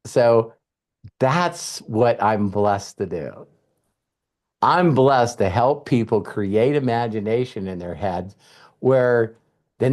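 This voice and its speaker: A man giving a casual motivational talk as a mentor, acting out quotes in lively storytelling with some swearing. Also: mid-range voice. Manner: animated storyteller, acts out voices. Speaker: mentor and coach.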